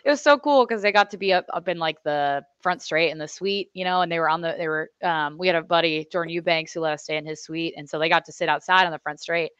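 A young woman, a motorcycle racer, telling race stories in a chatty, animated way on a podcast. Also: fairly low pitch, quick pace, hardly any pauses, clean tone, no room sound, muffled recording. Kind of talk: casual storytelling interview.

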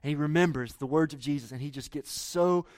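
A man's voice: a little high, fairly quick, a little mellow, no room sound. A man preaching a sermon, reading scripture and asking the listeners earnest questions. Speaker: pastor.

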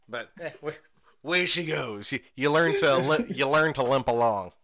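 A man's voice: medium pitch, normal speed, pushed and bright. A young man co-hosting a podcast, chatting casually, swearing and joking at his own expense, often breaking into laughter. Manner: laughing, profane, self-mocking. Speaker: podcast co-host. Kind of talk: casual chat.

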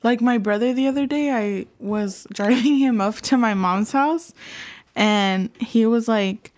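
A woman's voice: a little high, unhurried. A woman chatting casually on a podcast, slangy and swearing freely. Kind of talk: casual chat.

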